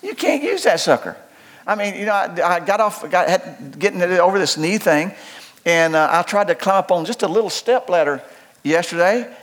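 An older pastor preaches in a folksy, joking way. His voice sits high for a man. He rises into loud preaching and drops into quiet asides. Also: expressive, moderate pace. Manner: folksy and humorous, swings between loud preaching and low asides. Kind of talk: sermon.

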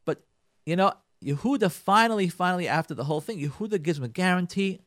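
A man giving a radio Torah talk, retelling a biblical story with dramatic emphasis and calling his listeners "ladies and gentlemen". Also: high voice, expressive, quick pace, no echo, studio quality. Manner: repeats and restarts phrases for emphasis.

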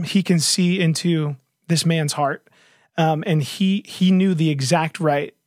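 A man's voice: on the high side, no room sound, studio quality. A man talking earnestly in a casual faith discussion, retelling a story with lots of fillers and restarts.

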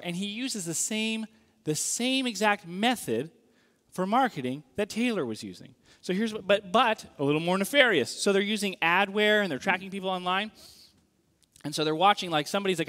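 A man delivers a sermon with a fairly high voice that leaps and swoops in pitch. He talks in a casual, animated way and keeps checking in with his listeners. The sound carries the long reverb of a large hall. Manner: animated, conversational, asks the audience questions. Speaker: pastor.

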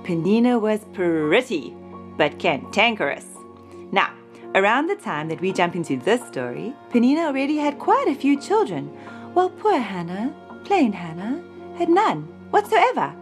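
A woman telling a Bible story to a child in a gentle, expressive manner. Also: medium pitch, normal speed, faint music behind.

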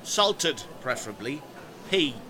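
A man playing an excitable, scheming pub regular in a comedy audio play. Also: medium pitch, takes it slowly, heavily acted. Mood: indignant. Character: scheming beer-loving British bloke, excitable.

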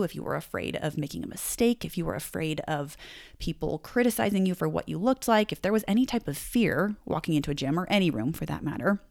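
A young woman talks through a self-help lesson in a casual, reflective way, slipping into little acted-out inner voices. Her voice sits a touch low for a woman. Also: a little mellow. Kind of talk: podcast-style self-help talk.

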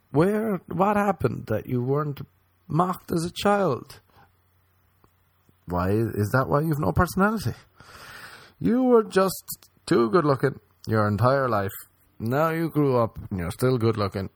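A man's voice: medium pitch, no echo. Sarcastic man ranting on a podcast. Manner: rambling, sarcastic, swings into mocking voices. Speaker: podcast host. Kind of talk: crude comedic monologue.

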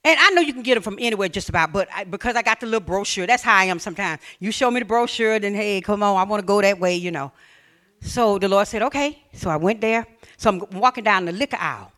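Bright-voiced Southern woman preaching. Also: mid-range voice, animated, quick pace. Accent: Southern US, Alabama. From Mobile, Alabama. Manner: folksy, humorous storytelling with sudden shifts between loud and hushed. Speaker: pastor. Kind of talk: sermon.

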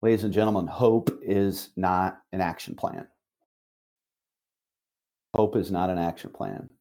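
Middle-aged man, lowish voice, motivational call talk, emphatic, repeats key phrases. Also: steady tone, unhurried, warm tone. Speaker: managing broker and coach.

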